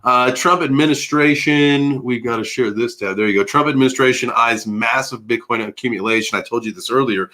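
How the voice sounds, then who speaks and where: A man in his early forties hosting a casual crypto livestream, rambling and animated, chatting with viewers and swearing freely. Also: medium pitch, fairly quick, hardly any pauses. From United States. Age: 40s.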